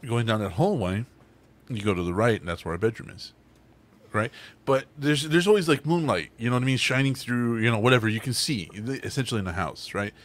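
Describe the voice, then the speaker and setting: A man's voice: mid-range voice, a little fast. A man hosting a casual podcast, telling stories with lots of swearing and acting out what people said. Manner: animated storyteller, swears often, acts out quoted voices. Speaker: podcast host.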